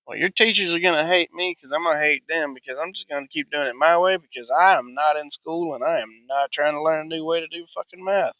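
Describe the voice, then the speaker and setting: Male podcast host in his thirties, profane rant, bright dry voice, dull lo-fi sound. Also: a little high, quick pace, few pauses, no room sound. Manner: profane, blunt, rambling. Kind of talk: ranting monologue.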